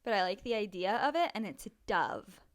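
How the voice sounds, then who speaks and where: A woman's voice: medium pitch, animated, normal speed. A young woman co-hosting a podcast in casual chat, talking loosely with lots of "like" and hedging. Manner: chatty, filler-heavy, hedging with "like". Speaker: podcast co-host.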